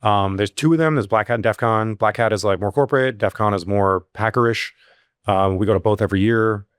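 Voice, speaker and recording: Man, low voice, casual storytelling, lively jumps in pitch, dry close mic. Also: fairly quick, smooth, no echo. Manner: animated, rises sharply when acting out quotes; filler-heavy, restarts. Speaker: security company CEO, guest.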